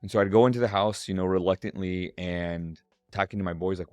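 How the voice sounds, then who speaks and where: A man's voice: on the low side, brisk, no echo, clean studio sound. A middle-aged man, a strengths coach and guest, telling a personal story on a podcast and acting out voices in the quotes.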